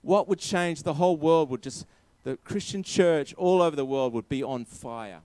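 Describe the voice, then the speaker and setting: A man delivering a sermon in a fairly high voice, driving each point home by repeating it. The sound is dry and close, with no room echo. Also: moderate pace, darkish tone. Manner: emphatic, repeating key phrases. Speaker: preacher.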